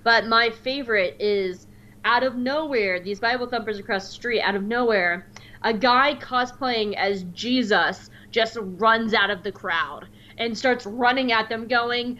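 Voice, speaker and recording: A woman in casual podcast chat, telling animated stories and jumping up high when she mimics other people. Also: a little slow, muffled recording. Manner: animated storyteller, mimics voices with high squeals.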